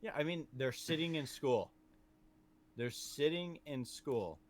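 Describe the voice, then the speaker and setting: A man's voice: fairly high pitch, takes it slowly. Rambling man chatting casually about a movie. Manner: rambling, animated, trails off and restarts. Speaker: podcast co-host.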